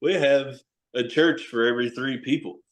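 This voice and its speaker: A man's voice: medium pitch, normal speed. A middle-aged man with a Tennessee accent, telling rambling, profane stories with laughs in a casual podcast chat. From Knoxville, Tennessee. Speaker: horror host and wrestler.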